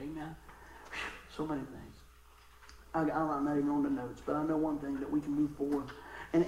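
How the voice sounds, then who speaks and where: A man preaching a sermon, telling stories in a conversational way and breaking into loud bursts of emphasis. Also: fairly high pitch, echoey room, a little hiss or hum, rough recording. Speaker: pastor.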